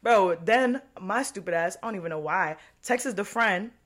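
A woman co-hosting a casual podcast chat, telling stories loudly and animatedly with heavy slang and swearing. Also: medium pitch, expressive, normal speed.

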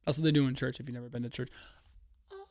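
A man from Canada hosting a solo podcast, animated, profane and rambling. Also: mid-range voice, rapid-fire, noisy background. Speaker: podcast host. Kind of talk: casual solo podcast rant.

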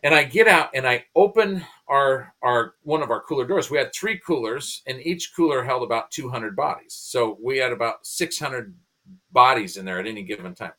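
Bright-voiced man in his fifties. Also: medium pitch, normal speed. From United States. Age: 50s. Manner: animated, restarts and repeats words. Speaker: guest, pastor and comedian. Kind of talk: conversational storytelling.

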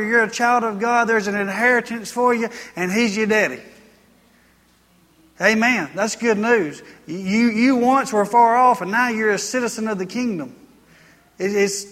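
A man's voice: very high voice, bright, forceful tone, big-room sound. A man preaching a sermon as pastor, earnest and folksy, repeating phrases for emphasis.

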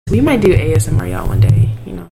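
A woman's voice: lowish voice, wildly swooping pitch, fast, crowd noise. A woman co-hosting a podcast in a playful, casual way, swearing freely. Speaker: podcast co-host. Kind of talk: casual chat. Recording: echoey room with clear hiss.

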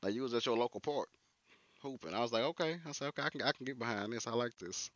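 A man chatting casually with a co-host, slangy and animated, quoting his own reactions. His voice is bright and forceful. The sound is dry and a little dull, with a lo-fi edge. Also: mid-range voice, quick pace, dry recording. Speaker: podcast co-host. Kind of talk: casual chat.

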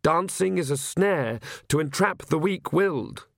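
A fretful young priest, read by a man, stumbles over every sentence, apologizing as he goes. His voice sits higher than ordinary speech and his words come out slowly. The recording is dry and close. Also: lively intonation, vocal fry, a bit bright, no echo, heavily acted. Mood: earnest. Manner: stammering, apologetic, hesitant.

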